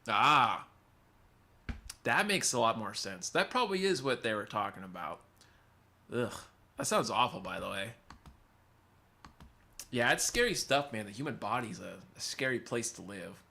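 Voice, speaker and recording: A man's voice: mid-range voice, expressive, moderate pace, gravelly, long pauses, sharp tone. A man from California's Central Valley hosting a casual livestream, rambling, laughing often and reading chat aloud. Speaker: livestream host and musician.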